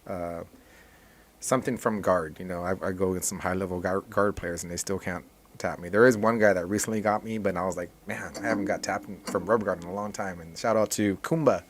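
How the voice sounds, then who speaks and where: A man who teaches jiu-jitsu, talking casually as a podcast guest in a relaxed, rambling way with many restarts. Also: low voice, fairly quick, slight background noise.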